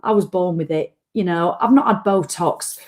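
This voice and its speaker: A woman's voice: on the low side, moderate pace, a little mellow. A tired woman, ranting bluntly and swearing freely as she hosts a casual live-stream chat. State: tired after a run. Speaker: vlog host.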